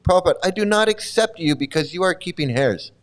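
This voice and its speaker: A man's voice: high-pitched, animated, quick pace. A man voicing an earnest young male disciple who presses his teacher with questions. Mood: insistent.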